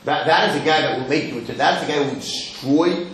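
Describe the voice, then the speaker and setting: Animated rabbi in an echoey hall. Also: male voice, a little high, fast. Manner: animated, acts out quotes, repeats words. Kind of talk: Torah lecture. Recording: echoey hall with faint noise.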